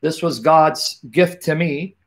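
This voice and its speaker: A man's voice: fairly high pitch, slow pace. A middle-aged man hosting a live online talk, joking casually with viewers and then praying fervently in long, repetitive invocations. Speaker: livestream host.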